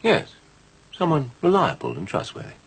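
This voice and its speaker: A man playing a smooth-talking, scheming businessman who persuades people gently in a TV soap drama. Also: on the high side, wildly swooping pitch, moderate pace, heavy background noise, exaggerated voice.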